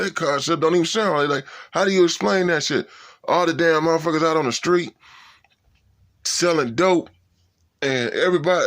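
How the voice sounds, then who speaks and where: A man's voice: mid-range voice, a bit bright. A man in a casual, profane rant, swearing and sounding incredulous. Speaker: vlogger.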